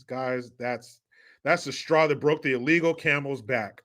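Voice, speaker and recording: A man's voice: medium pitch, animated, measured pace, fairly bright tone. A man hosting a live-stream commentary, ranting in a sarcastic, mocking and profane way. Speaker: livestream commentary host.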